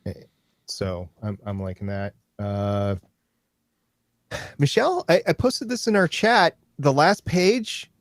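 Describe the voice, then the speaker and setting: Low-voiced man hosting a casual podcast. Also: wildly swooping pitch, slow pace, long pauses, no echo, studio quality. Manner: rambling, stop-start, enthusiastic. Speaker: podcast host. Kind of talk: casual podcast chat about comics.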